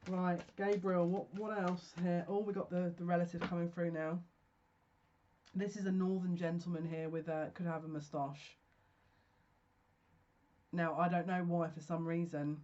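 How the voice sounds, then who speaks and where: A speaker giving a solo psychic reading, talking slowly and haltingly as if receiving messages. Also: medium pitch, little pitch movement, a little mellow, lo-fi sound. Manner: slow, searching, stop-start channeling talk. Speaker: psychic tarot reader. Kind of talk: solo general reading to camera.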